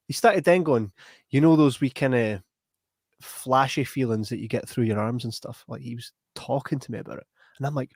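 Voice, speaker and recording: Hosting his podcast, this young Scottish man rambles animatedly through a lengthy tale, repeatedly adding "right?". The medium-pitched voice comes through with studio quality and no room sound.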